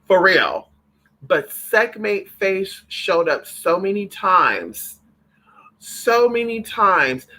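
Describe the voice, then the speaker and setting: An animated man chats with his viewers about spirits, swearing freely and calling them honey and girl. His voice sits a bit high and rings bright and sharp. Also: poor audio. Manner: animated, profane, calls listeners honey and girl. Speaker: spiritual livestream host. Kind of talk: casual chat with viewers.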